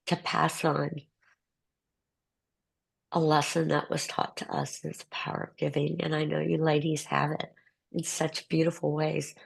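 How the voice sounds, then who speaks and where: A woman's voice: low-pitched, creaky, breathy edge, poor audio. An older woman, a guest author on a video call, speaking in an earnest, tender, faith-filled way. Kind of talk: heartfelt conversational talk on a group call.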